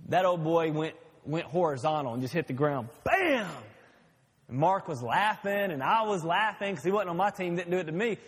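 A pastor delivering a sermon, a man who slips easily into folksy stories. His voice sits high and carries a husky edge. Each phrase trails off into the long reverb of a church hall. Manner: folksy storytelling.

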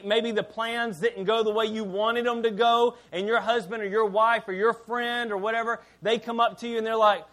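Middle-aged male preacher, high voice, chatty sermon delivery, candid asides, quiet for emphasis. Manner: conversational preaching, dropping low and quiet for emphasis; candid, self-deprecating asides. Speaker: pastor.

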